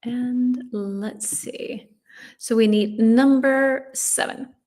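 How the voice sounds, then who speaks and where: A middle-aged woman with a somewhat high voice runs a live English lesson from her own stream. She talks in a chatty way, reading out viewers' comments and answering them as she goes. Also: steady tone, extremely slow. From United States. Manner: chatty, reads viewers' comments aloud and reacts warmly. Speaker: English teacher.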